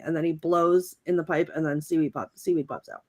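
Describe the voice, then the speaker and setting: A woman's voice: deep voice, fairly quick, hardly any pauses, darkish tone. A woman co-hosting a podcast, chatting casually and giggling as she shares favorite movie quotes. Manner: chatty and giggly, many fillers. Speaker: podcast co-host.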